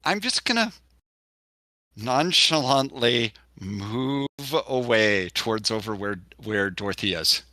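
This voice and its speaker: A man talks through his character's moves in a tabletop game, often restarting and correcting himself mid-sentence. His voice is bright and forward, with a dry, close sound. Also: lowish voice, animated, slow pace, dry recording. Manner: rambling, self-correcting. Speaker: player.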